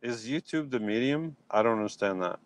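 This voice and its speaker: A man with a medium-pitched voice talks briskly on a phone live stream, outdoors in a yard at dusk. Casual and animated, he reacts to and replies to viewers' comments.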